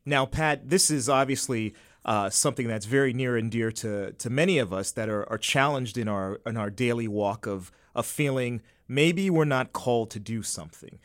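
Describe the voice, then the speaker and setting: Man hosting an interview, halting. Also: medium pitch, no echo, studio quality. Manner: halting questions with repeated words. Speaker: podcast host.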